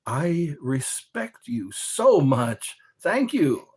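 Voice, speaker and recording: A man's voice: on the high side, very animated, extremely slow, a little mellow, husky. A man in casual chat, rambling and joking as he reads questions aloud and answers them.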